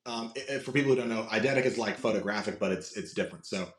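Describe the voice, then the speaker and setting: A man's voice: lowish voice, very fast, echoey room. A man, a voice actor and impressionist, talking casually on a podcast with frequent fillers and restarts. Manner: chatty, many fillers and restarts.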